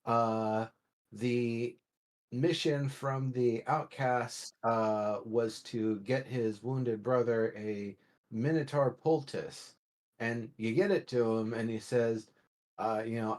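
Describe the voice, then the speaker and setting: A man co-hosting a casual discussion, ranting with wry, animated complaints. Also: medium pitch, takes it slowly. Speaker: podcast co-host.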